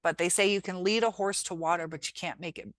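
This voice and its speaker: Encouraging woman vlogger, lowish voice, dry close sound, reflective and earnest. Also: fairly even intonation, quick pace, no echo. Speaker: teacher and healing vlogger. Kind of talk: casual motivational vlog talk.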